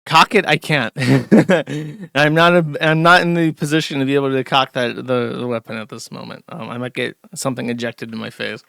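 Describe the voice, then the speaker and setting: A man hosts a casual commentary show in a sarcastic, mocking tone. His voice is bright and sharp, and it is recorded dry and close. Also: medium pitch, steady tone, normal speed, creaky, no echo. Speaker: show host.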